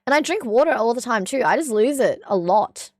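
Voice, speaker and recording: A young woman from Australia streaming casually with a hoarse, strained voice, chatting, swearing and reading chat aloud. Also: fairly high pitch, animated, fairly quick, no echo, studio quality. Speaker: livestreamer.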